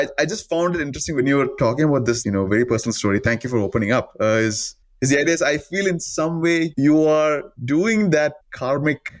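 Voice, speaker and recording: A man's voice: medium pitch, no echo, clean studio sound. A man co-hosting a podcast, speaking thoughtfully with many "you know" fillers. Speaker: podcast co-host. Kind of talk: reflective casual chat.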